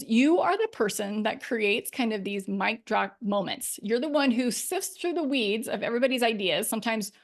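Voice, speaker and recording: Podcast host: middle-aged woman life coach, upbeat and emphatic, laughs often, pitched a little high. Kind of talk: solo podcast talk.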